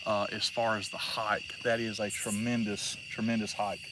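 A man co-hosting a live outdoor stream, talking in an emphatic, drawn-out way with repeated words. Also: fairly low pitch, little pitch movement, noisy background. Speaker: co-host of a livestream. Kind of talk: casual live chat. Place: outdoors at night in the woods.

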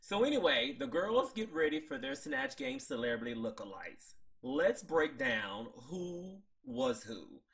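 A man hosting a casual TV recap, excitable and chatty, laughing at his own jokes. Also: fairly high pitch, a little slow, gravelly, hardly any pauses. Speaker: show host.

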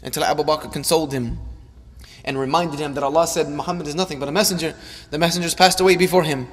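An impassioned male preacher giving a sermon, his voice rising and falling as he repeats lines for emphasis. His voice sits a little high for a man. A long hall reverb trails behind every phrase. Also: brisk. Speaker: Islamic preacher. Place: large hall or mosque.

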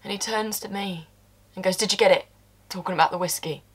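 A woman's voice: medium pitch, a little fast, breathy edge. An actress performing a stage monologue as a blunt, working-class woman who confesses to a killing, swearing and dropping into whispers.

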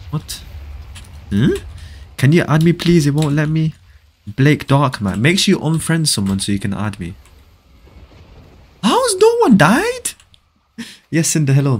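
A man streaming a game live, chatting casually with viewers, excitable and often repeating phrases as he reads chat aloud. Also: fairly high pitch.

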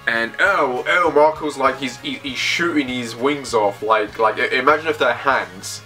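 Bright-voiced man rambling through a reaction. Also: mid-range voice, measured pace, soft background music. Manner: rambling, thinking aloud, excitable. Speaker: manga reaction host. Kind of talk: casual reaction commentary, reading a comic aloud.

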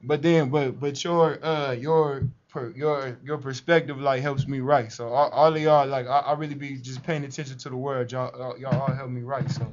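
A man's voice: mid-range voice, steady tone, moderate pace, few pauses. A man, a rapper guest on a talk show, joking around in laid-back slangy banter. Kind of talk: casual banter. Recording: dull lo-fi live stream audio.

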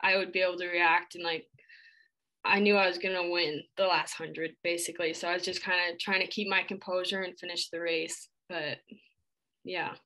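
Bright-voiced young woman, casual answers. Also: fairly low pitch, normal speed, poor audio. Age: young adult. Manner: relaxed, filler-heavy speech, many "like"s. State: shivering after an ice bath. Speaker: athlete interviewee.

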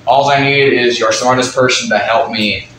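A man's voice: medium pitch, fairly even intonation, normal speed, roomy sound, noisy background. A man performing a homemade puppet drama, chatty and rambling, who often breaks the fourth wall. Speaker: puppeteer voicing all characters.

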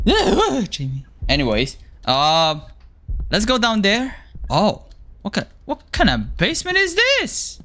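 High, lively, jumpy man playing a horror game. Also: takes it slowly. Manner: jumpy, panicky and joking, talks to himself. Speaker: gaming streamer.

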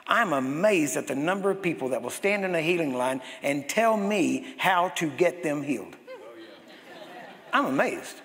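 A man preaching a sermon as pastor, telling stories in an animated way and acting out the voices of the people in them. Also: fairly high pitch, moderate pace. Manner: animated storytelling, acts out quoted voices. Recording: long hall reverb.

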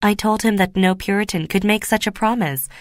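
A woman's voice: mid-range voice, fairly quick, no room sound, studio quality, lightly acted. A woman reading the lines of a scheming young woman who pleads and plays the victim. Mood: pleading.

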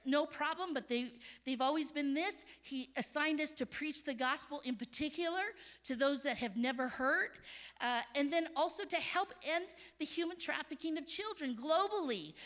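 A woman in her fifties giving an emphatic, animated conference sermon as a missionary speaker, at times dropping to hushed tones. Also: high-pitched. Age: 50s. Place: stage of a large conference hall.

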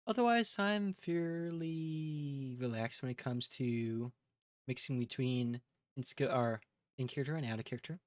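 A man's voice: medium pitch, unhurried, no echo. A man with a Midwestern accent, chatting casually and rambling a little as a live streamer talking to his chat. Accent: Midwestern American. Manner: relaxed, rambling, addresses chat directly.

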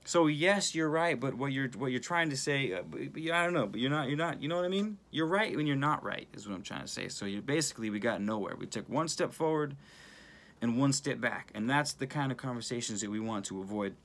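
Excitable rambling man on phone. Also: mid-range voice, brisk. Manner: animated, rambling, excitable with many restarts. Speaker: channel host. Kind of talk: casual spiritual talk filmed on phone.

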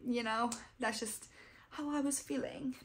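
Her pitch is fairly high, her intonation fairly even, and her pace a little slow. She's a young adult book vlogger doing a casual wrap-up chat, fangirling and gushing over what she read.

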